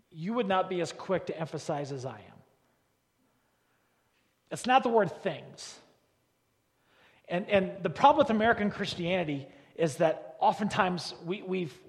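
Man preaching a sermon in a reverberant church. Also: on the high side. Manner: emphatic preaching, building to loud forceful peaks; repeats words for emphasis. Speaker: pastor. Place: church sanctuary. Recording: long reverb of a large church hall.

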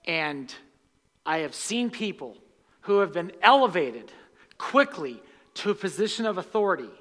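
A man's voice: sits high, a bit bright. A male pastor preaching a sermon in a church sanctuary, emphatic and repeating key lines for stress. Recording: long reverb of a large hall.

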